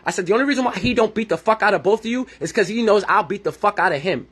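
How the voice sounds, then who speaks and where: A man's voice: high-pitched, rapid-fire, fairly bright tone, slightly rough. A man in his thirties hosting a podcast, giving a blunt, profane, heated monologue and acting out conversations he has had. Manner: reenacts his own conversations. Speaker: podcast host. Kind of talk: ranting monologue.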